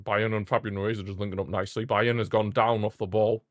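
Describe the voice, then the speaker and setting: A man giving casual live commentary on a football match as he watches along, chatty and prone to repeating himself with sudden excited bursts. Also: on the low side, fast talker, dry recording, studio quality.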